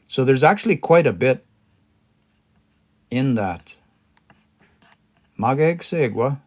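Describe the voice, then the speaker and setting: A man on a casual live stream studying a language as a learner. He thinks aloud, pauses, restarts and reads phrases slowly. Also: mid-range voice, a little mellow.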